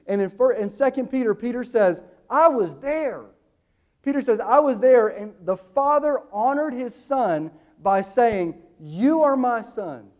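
A man in his thirties preaching a sermon, booming slow on quoted lines and dropping quick and hushed in his asides. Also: expressive. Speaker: pastor.

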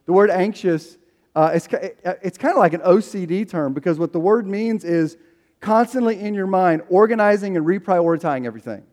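High-voiced pastor preaching in a reverberant hall. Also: male voice, brisk. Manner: animated, acts out quoted voices. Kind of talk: sermon.

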